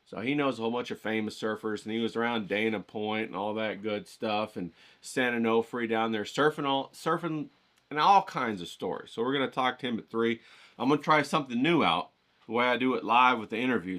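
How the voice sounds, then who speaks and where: A man with a medium-pitched, slightly bright voice talks briskly while hosting an art vlog. He rambles and jokes in a folksy, casual style, handing out drawing tips along the way.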